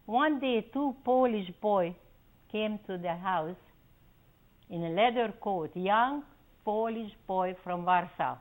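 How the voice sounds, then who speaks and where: A woman's voice: medium pitch, unhurried, low-quality recording. An older woman from Czechoslovakia telling her family's story in an oral history interview, acting out what people said. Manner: animated storytelling, acting out quoted voices.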